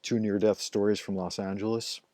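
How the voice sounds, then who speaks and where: A middle-aged man hosts a live stream, rambling through stories in a loose, chatty way, cursing often and leaning on "like" and "you know." His lowish voice is warm but flat, at a moderate pace, with no room sound.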